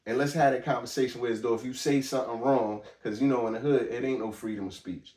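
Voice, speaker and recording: A man's voice: mid-range voice, fairly even intonation, quick pace, darkish tone, far from the mic. Blunt man talking in an echoey room. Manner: blunt, emphatic street talk with frequent restarts. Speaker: podcast host. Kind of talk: casual commentary monologue.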